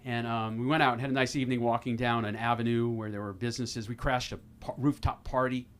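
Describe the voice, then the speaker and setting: A man in his fifties doing a self-deprecating stand-up set at an open mic, halting and restarting often. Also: mid-range voice, fairly even intonation, a bit bright, clear, resonant tone. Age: 50s. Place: small comedy club stage with audience.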